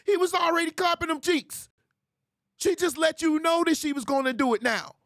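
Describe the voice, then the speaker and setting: A man hosting a commentary show on viral clips, animated and mocking, laughing often and jumping into high squeals to ridicule. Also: moderate pace, dry recording, studio quality. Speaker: host.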